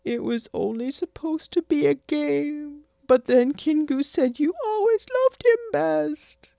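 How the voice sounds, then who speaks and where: A reader voicing a young male god in a fiction reading, speaking high, pleading and sniffly like a tearful child. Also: slow, gravelly, mellow, dry recording, clean studio sound, exaggerated voice.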